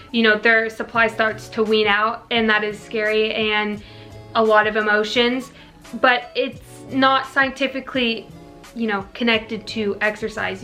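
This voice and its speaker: Young woman vlogger, bright and slightly high, chatty Q&A, faint music under. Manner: chatty, earnest, peppered with "like" and "you know". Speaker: fitness vlogger answering viewer questions. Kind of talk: casual Q&A chat to camera.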